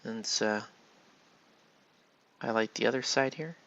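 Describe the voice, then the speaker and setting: In dull-sounding audio, a mid-range male voice with vocal fry and a bit of brightness speaks unhurriedly as he paints miniatures, rambling casually, restarting sentences, and dropping a little mild profanity.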